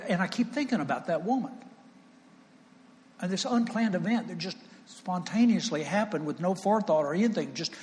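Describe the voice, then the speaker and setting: A man preaching a sermon, telling a personal story in an animated, folksy way with chuckles. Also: fairly high pitch, a little hiss or hum. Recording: long reverb, faint ambience.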